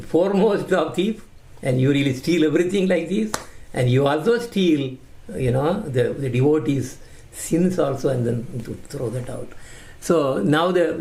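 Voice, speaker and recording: Male satsang leader, halting delivery, slightly raised pitch, faint background hiss. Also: darkish tone, rough recording. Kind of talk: devotional commentary.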